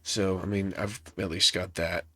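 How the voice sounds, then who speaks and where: Recorded on a laptop setup with no echo, this young man gives casual, rambling commentary while gaming, often self-deprecating and audibly congested. His voice sits low, husky and sharp-toned, with a level tone at normal speed.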